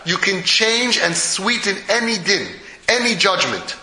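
A man with a high, piercing voice delivers a Purim Torah talk in an echoey room. He tells it with animated drama and slips Hebrew and Yiddish phrases into his English. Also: unhurried. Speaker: Torah teacher.

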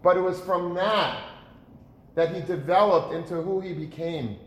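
A man giving an earnest sermon, asking rhetorical questions and repeating words for emphasis. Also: sits high. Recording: roomy echo.

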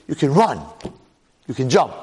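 A man's voice: mid-range voice, big pitch swings, normal speed, mellow, husky. A man voicing a hopeful, eager unborn twin boy who coaxes his brother.

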